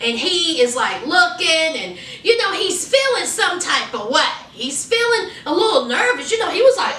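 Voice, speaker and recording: A woman's voice: very high voice, sing-song, moderate pace, few pauses, bright, forceful tone, roomy sound, recorded from a distance, slight background noise, poor audio. A woman recapping a TV episode in a sassy, chatty way, calling her viewers honey and child. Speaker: TV episode reviewer. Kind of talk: casual TV recap.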